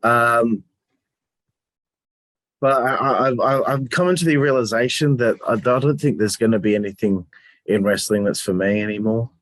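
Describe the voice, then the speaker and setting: A man's voice: medium pitch, moderate pace, fairly bright tone, no echo. A man co-hosting a casual review chat, talking in a rambling, hesitant way and swearing casually. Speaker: podcast co-host.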